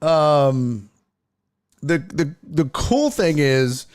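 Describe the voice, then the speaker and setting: A man's voice: a little high, very slow. A man hosting a casual sports talk stream, swearing freely and reading viewer chat aloud. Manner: profane, animated, reads chat aloud. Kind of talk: casual livestream commentary.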